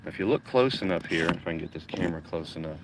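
A man's voice: low-pitched, expressive, fast, background noise. A man hosting a casual gardening livestream from his backyard, chatting and swearing loosely while reading out viewer comments. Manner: chatty, swears casually, reads chat aloud.

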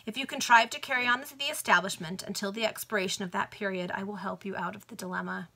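A woman voicing a cool, scheming male Victorian financier in a read-aloud novel, speaking with calm irony. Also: mid-range voice, fast talker, breathy edge. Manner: cool, ironic.

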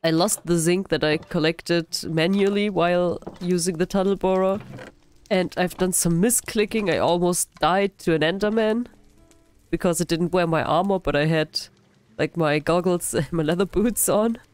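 A woman with a sick, hoarse voice, giving casual, self-deprecating commentary while playing a building game. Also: fairly low pitch, moderate pace, a little mellow, no room sound. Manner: self-deprecating, frequent laughs. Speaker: gaming channel host. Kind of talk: casual let's-play commentary.

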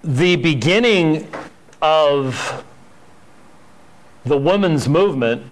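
The audio is poor as a medium-pitched man teaches church history to a Sunday school class. Conversational and prone to fillers and restarts, he occasionally voices quoted dialogue while telling stories.

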